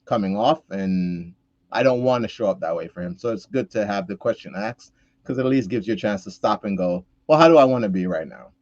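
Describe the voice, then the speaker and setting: A man co-hosting a podcast, talking in a reflective, earnest way with quick restarts and quoted asides. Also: lowish voice, darkish tone, no room sound, dull audio. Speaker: podcast co-host. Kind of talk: casual conversational chat.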